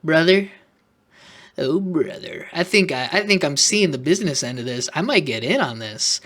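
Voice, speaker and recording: A man's voice: a little high, expressive, moderate pace, fairly bright tone. A man making an off-the-cuff vlog, talking sarcastically and rambling, with self-conscious asides. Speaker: YouTuber.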